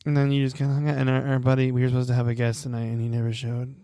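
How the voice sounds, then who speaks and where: A man's voice: medium pitch, monotone, racing, dark tone, dry recording, studio quality. A young adult man co-hosting a podcast, joking and teasing in casual banter. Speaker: podcast co-host. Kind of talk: casual chat.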